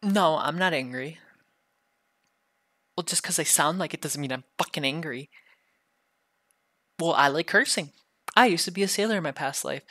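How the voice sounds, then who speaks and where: Bratty young guy doing asmr roleplay, swears a lot, sore throat, bright voice, dry close mic. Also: fairly high pitch, normal speed, long pauses, no echo. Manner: bratty, teasing, heavy swearing. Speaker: ASMR role-play creator. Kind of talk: ASMR role-play.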